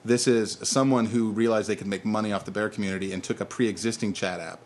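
A man's voice: fairly low pitch, steady tone, fast, a little hiss or hum. A man in his thirties co-hosting a casual podcast chat, telling rambling stories and laughing at them. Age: 30s. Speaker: podcast co-host.

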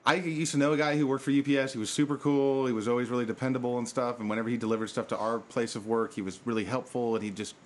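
A man's voice: medium pitch, level tone, racing, few pauses, a little hiss or hum. A man co-hosting a podcast, telling a long rambling story in casual chat and swearing freely. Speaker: podcast co-host.

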